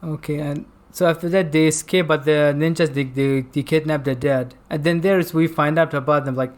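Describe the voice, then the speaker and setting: A man's voice: on the high side, fairly even intonation, a little fast. A man co-hosting a film review chat, not a native English speaker, who rambles, hunts for words and laughs often. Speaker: podcast co-host reviewing a film. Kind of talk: casual chat.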